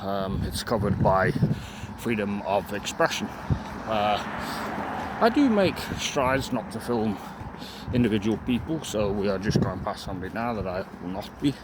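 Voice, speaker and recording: A young man rambles to his camera while walking down a residential street, slightly out of breath and full of ums and restarts. Street noise and passing cars are clearly heard behind him. His voice sits at an ordinary middle pitch. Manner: rambling, many fillers and restarts. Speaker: vlogger. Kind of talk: casual walking vlog monologue.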